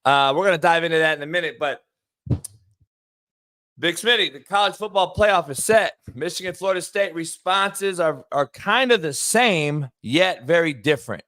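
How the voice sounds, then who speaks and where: A man hosts a sports talk show in a brash, profane way. His voice is forceful and bright and sits a bit high for a man. He drags some phrases out slowly and rattles others off fast. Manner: brash, profane, shifts between drawn-out emphasis and quick bursts. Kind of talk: loud casual sports talk with ad reads.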